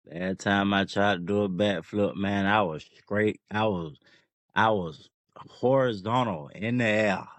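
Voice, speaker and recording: A man's voice: on the low side, measured pace, no echo. A man co-hosting a podcast, chatting in a laid-back way and telling a short story. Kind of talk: casual chat.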